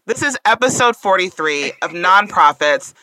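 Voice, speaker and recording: A woman's voice: lowish voice, lively intonation, moderate pace, sharp tone, no room sound, poor audio. A woman co-hosting a podcast in casual chat, playful and teasing, laughing often. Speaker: podcast co-host.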